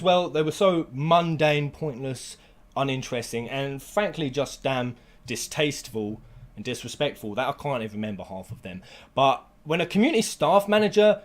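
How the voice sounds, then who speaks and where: A man giving an angry, sweary rant to camera as a gaming vlogger, with bursts of near-shouting. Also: on the high side.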